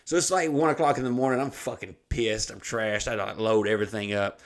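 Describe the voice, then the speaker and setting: A man's voice: on the low side, a little fast. Profane storytelling man. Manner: animated, swearing, bursts of laughter. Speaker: podcast co-host telling a story.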